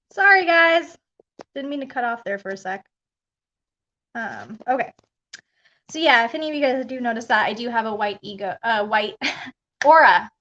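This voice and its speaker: A woman with a fairly high voice talks casually on a live stream as a spiritual coach. She rambles, circles back on her thoughts and laughs easily. The audio is dull and lo-fi, like a live stream. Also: expressive, moderate pace, pauses often, pushed and bright. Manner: chatty, rambling, laughs often.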